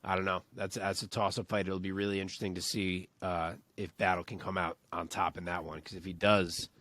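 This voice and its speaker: A man co-hosting a podcast, sharing his picks in a relaxed, conversational way. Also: deep voice, brisk, no echo. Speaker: podcast co-host. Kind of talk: casual opinion chat.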